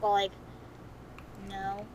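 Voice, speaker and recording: A woman's voice: mid-range voice, monotone, drawn-out words, lo-fi sound, background noise. A woman in casual chat, rambling and giggling, often slipping into silly voices. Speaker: co-host.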